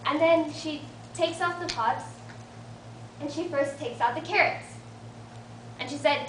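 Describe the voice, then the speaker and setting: Speaking a little slowly with fairly even intonation, the late-teen student's high voice carries a heartfelt motivational message to a support group. Her story includes gentle humor about herself, and the distant microphone captures a roomy meeting room with faint background noise.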